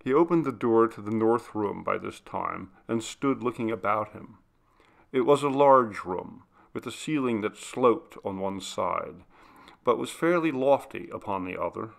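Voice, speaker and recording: A man reading a classic ghost story aloud in a steady, measured style of scripted narration. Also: lowish voice, vocal fry. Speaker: audiobook reader.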